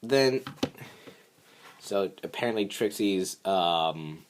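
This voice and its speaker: Animated but slow, a young vlogger walks through a cartoon episode, wandering off track and leaning on filler words. Slight background noise sits under his voice, and he goes squeaky when quoting lines.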